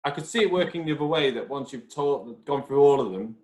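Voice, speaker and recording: A man's voice: mid-range voice, lively intonation, fast talker, a little mellow. Rambling man teacher in an echoey room. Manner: rambling, full of restarts and asides. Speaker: podcast co-host, teacher. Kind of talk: casual podcast discussion.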